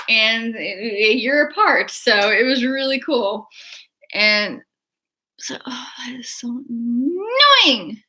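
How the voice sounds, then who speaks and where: A young woman chatting excitedly in a casual livestream, rambling with restarts and laughter. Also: mid-range voice. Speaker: artist and horror-fan vlogger.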